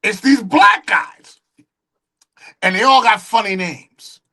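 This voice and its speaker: Man, middle-aged, bright and fairly high voice, animated storyteller, acts out quotes. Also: slow pace. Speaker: guest, music engineer and producer. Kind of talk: casual interview storytelling.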